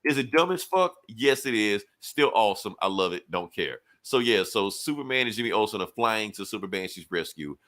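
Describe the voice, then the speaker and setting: Bright-voiced man casually recapping a comic. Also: fairly low pitch, animated, brisk, few pauses. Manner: loose and profane, full of slang and fillers; retells scenes by briefly quoting the characters. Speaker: podcast co-host reviewing comics.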